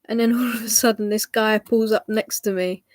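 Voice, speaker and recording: A woman livestreaming, telling a personal story in a halting way with frequent ums. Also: a little high, steady tone, dry recording, studio quality.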